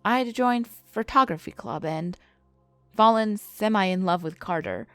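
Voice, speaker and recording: A woman telling a first-person scary story in a measured, scripted narration. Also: mid-range voice, a bit bright, dry recording.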